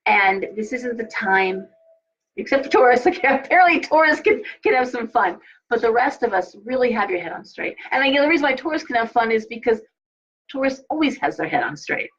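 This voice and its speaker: Husky woman rambling on a live stream. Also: fairly high pitch, big pitch swings, brisk, fairly bright tone. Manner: rambling, restarts sentences, blunt asides. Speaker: tarot reader and show host. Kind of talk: casual live-stream talk. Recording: dull lo-fi sound.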